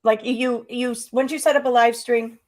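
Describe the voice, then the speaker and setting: A woman hosting a casual livestream chat over a computer mic, talking in halting restarts. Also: a little high, steady tone. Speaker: host. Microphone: computer mic on a streaming platform.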